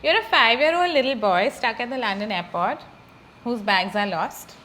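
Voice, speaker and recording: An upbeat woman hosts a casual podcast, running party games with a guest. She talks with a giggly lift in a fairly high voice. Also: lively intonation, moderate pace, pushed and bright. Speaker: podcast host.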